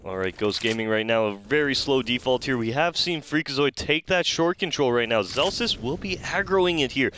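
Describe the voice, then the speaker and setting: A man doing steady, explanatory play-by-play commentary on an esports match. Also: mid-range voice, moderate pace, hardly any pauses, a little hiss or hum.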